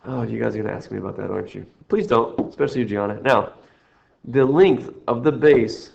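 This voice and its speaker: A man's voice: on the low side, fairly quick, creaky, darkish tone. A man teaching a recorded math lesson, walking through problems in a jokey, self-mocking, rambling way. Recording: dull lo-fi screen recording.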